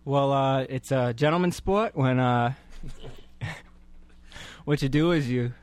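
A man guesting on a comedy podcast, talking deadpan with halting pauses and many fillers. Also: mid-range voice, smooth.

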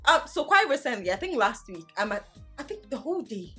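A young woman hosts a candid studio podcast. Her bright, forceful voice swings widely in pitch while she laughs easily and asks blunt questions. Faint music sits behind her. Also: very animated, a little fast. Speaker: podcast host. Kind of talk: candid casual chat.

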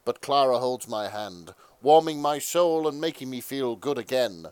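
Man narrating fan fiction deadpan. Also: medium pitch, moderate pace, smooth, dry recording. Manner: deadpan narration with bursts of laughter. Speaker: narrator and podcast host. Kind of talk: comic fan fiction reading.

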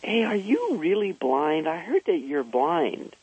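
A man's voice: very animated, measured pace, slightly rough, no echo, exaggerated voice. A man putting on an eager little boy. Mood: curious. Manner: bright, high and eager. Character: eager excited three-year-old boy. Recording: slightly dull lo-fi recording.

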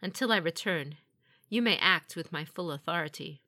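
A woman voicing a calm, measured male samurai lord who speaks formally and with restraint. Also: on the low side. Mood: grave.

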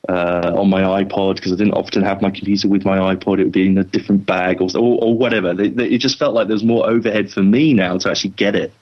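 A man on a casual tech podcast, chatting from his notes and quick to laugh. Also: deep voice, fairly even intonation, highs cut off.

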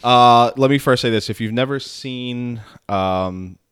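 A man's voice: medium pitch, unhurried, a bit bright, clean tone. A man hosting a podcast, talking casually and rambling with many fillers. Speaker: podcast host.

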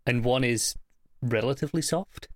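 A man's voice: mid-range voice, normal speed, no echo. A man co-hosting a casual chat about a TV episode, making dry joking asides, often stammering on restarts. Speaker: podcast co-host.

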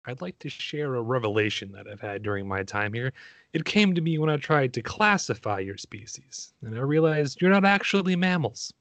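A man performing an impression of a cold, menacing male machine agent who despises humans, with a put-on Australian-New Zealand accent and slow, measured delivery. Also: mid-range voice, animated, fairly bright tone, dry recording. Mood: cold contempt. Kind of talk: dramatic film-monologue impression.

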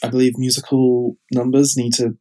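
A man's voice: mid-range voice, level tone, moderate pace, dark tone. A man talking about his show as a podcast guest, chatty and enthusiastic, filling gaps with "um" and "like". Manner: enthusiastic, chatty, many fillers. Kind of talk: casual podcast interview.

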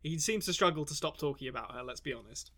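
A man's voice: a little high, lively intonation, fast talker, bright, forceful tone. A man co-hosting a podcast, joking and laughing often in casual chat. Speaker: podcast co-host.

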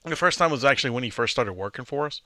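Male podcast co-host, brash prank storyteller, bright and forceful delivery, dry close sound. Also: mid-range voice, lively intonation, fast, no room sound. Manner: crude, boisterous storytelling with loud acted-out quotes. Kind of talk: casual chat.

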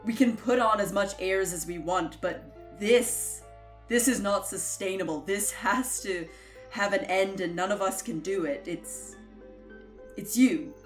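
A woman voicing a sheepish man who haltingly pleads for help. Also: medium pitch, faint music behind, lightly acted. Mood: urgent. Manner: earnest, halting.

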